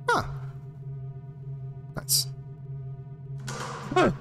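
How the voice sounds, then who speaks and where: A man streaming a video game live, chatting excitably to his viewers with lots of laughs and stumbling restarts. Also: extremely slow. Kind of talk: livestream gaming commentary. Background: game music.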